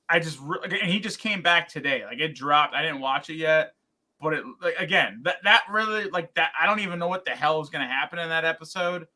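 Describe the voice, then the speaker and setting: Man, podcast co-host, bright high-ish voice, rambling casual chat with lots of fillers. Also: brisk. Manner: animated, rambling with many fillers and restarts.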